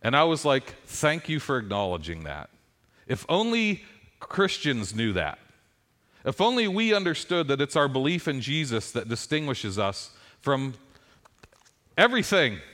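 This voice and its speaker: A man's voice: on the high side, a little slow. A middle-aged man, a pastor, preaching a sermon and telling stories with rising emphasis. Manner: animated storytelling with rising emphasis.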